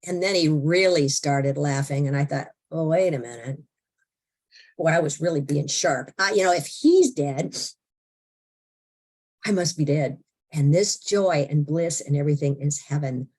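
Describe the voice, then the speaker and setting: An older woman, an interview guest, telling a personal story in an animated, expressive way and acting out her own thoughts. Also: low voice, measured pace.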